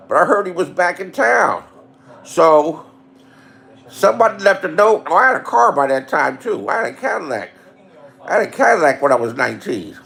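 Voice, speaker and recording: A middle-aged man telling profane comic stories, animated, with big swings between loud and hushed, repeating lines for punch. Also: medium pitch, fairly quick, gravelly. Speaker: storyteller. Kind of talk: profane comedic storytelling.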